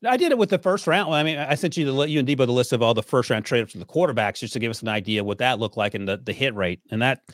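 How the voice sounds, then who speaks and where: A man's voice: mid-range voice, expressive, rapid-fire, hardly any pauses, dry recording. A man hosting a football podcast, casually running through draft picks and joking with his co-host. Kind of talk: casual sports podcast chat.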